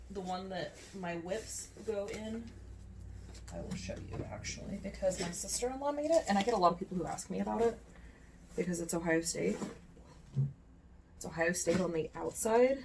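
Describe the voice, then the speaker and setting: Showing cross-stitch pieces to her phone camera, a woman keeps up a chatty show-and-tell, correcting herself often and muttering as she handles each item. Her voice sits fairly low, and background noise is audible.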